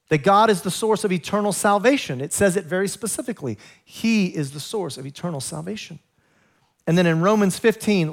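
A man with a high-pitched voice preaching a sermon in a church sanctuary. He is an excitable, animated pastor who laughs with his congregation and mixes scripture with humor.

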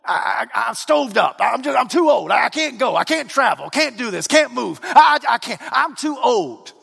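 A man's voice: extremely high pitch, very animated, moderate pace, vocal fry, fairly bright tone, slightly rough, shouting, long reverb tail, pitched above the performer's own voice, full character voice. A preacher doing a whiny old man of eighty. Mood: protesting. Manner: whiny, stammering, protesting. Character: complaining old man of eighty, full of excuses.

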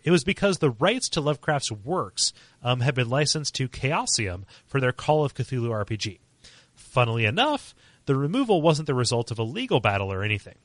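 A man's voice: mid-range voice, a bit bright, dry recording. A man co-hosting a game podcast, reading listener mail and chatting animatedly, laughing often. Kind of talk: casual chat.

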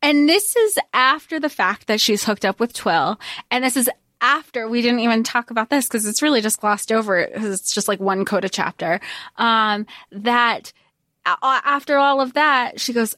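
Podcast girl rambling thru a book recap, lots of "like", highish voice, dry sound. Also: unhurried, no room sound. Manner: rambling, excitable retelling with fillers and swearing. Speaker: podcast co-host. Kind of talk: casual book-discussion chat.

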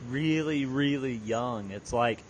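A man's voice: mid-range voice, slow, slight background noise. A man hosting a podcast interview, supportive with short affirmations and reflective comments. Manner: reflective, speaks of working with young people. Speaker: podcast host. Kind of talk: casual interview chat.

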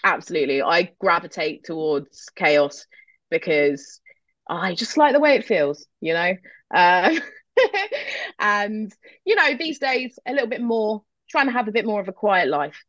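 A woman's voice: medium pitch, animated, a little slow, fairly bright tone, no echo, dull audio. A woman guest in a casual interview, talking candidly with a self-deprecating streak, swearing casually and laughing easily. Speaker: guest, metal vocalist.

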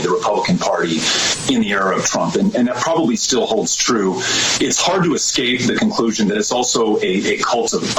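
Halting man in a roomy TV clip. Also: on the low side. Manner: earnest, halting with restarts. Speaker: interview guest. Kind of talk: televised interview answer. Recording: roomy clip with background noise.

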